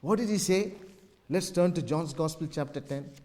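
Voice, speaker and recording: Emphatic preacher in a reverberant hall. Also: male voice, a little high, normal speed, a little mellow. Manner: emphatic, repetitive preaching with rising and falling emphasis. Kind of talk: sermon. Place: gospel hall. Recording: long reverb of a gospel hall.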